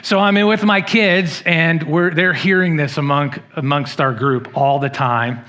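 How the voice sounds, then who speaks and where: A man's voice: fairly high pitch, steady tone, measured pace, bright, forceful tone. A middle-aged male pastor preaching a sermon in a church, telling stories with self-deprecating humor and acting out quotes. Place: church sanctuary.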